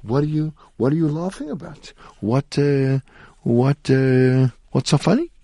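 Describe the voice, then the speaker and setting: A man's voice: mid-range voice, a little slow, dark tone, no echo, pitched above the performer's own voice. A man voicing a desperate poor widow who pleads tearfully, raised above his own voice in a story told on the radio. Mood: puzzled.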